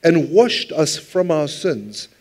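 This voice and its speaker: Male pastor, fairly high voice, easygoing sermon delivery that often calls for congregation responses. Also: big pitch swings, slow, darkish tone. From South Africa. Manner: conversational preaching, repeats words, calls for congregation responses. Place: church.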